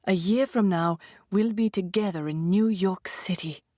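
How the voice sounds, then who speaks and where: A woman's voice: mid-range voice, a little slow, mellow, no echo, studio quality, close to an everyday voice. A woman voicing an eager, reassuring young husband who talks with upbeat enthusiasm. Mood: enthusiastic.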